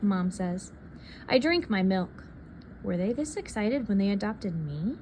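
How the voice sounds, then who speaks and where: A woman reading a picture book aloud in a soft, unhurried storytelling manner. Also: medium pitch, expressive, slight background noise. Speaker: reader.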